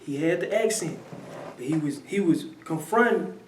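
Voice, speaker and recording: A man's voice: fairly high pitch, animated, normal speed, roomy sound, recorded from a distance, slight background noise, poor audio. A man chatting casually as a commentator, telling a story in loose slang and repeating himself. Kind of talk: casual chat.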